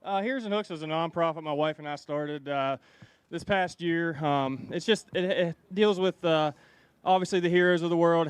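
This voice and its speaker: A man with a clear, fairly high voice speaks earnestly on stage after a weigh-in. He talks hesitantly, with restarts and fillers, and sounds dry and close. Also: no echo. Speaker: pro angler. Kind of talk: post-weigh-in interview.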